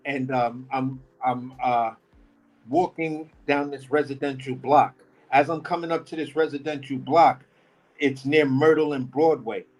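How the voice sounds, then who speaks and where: A man's voice: medium pitch, fairly even intonation, unhurried, soft background music, rough recording. A man, a podcast guest telling a rambling, slangy story in casual talk. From New York. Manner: slangy, rambling, talks with energy.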